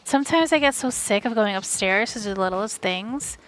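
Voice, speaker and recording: A woman reading an audiobook, voicing a pushy, self-absorbed rich young woman in a slow drawl. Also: medium pitch, animated, a bit bright, close to an everyday voice, rough recording.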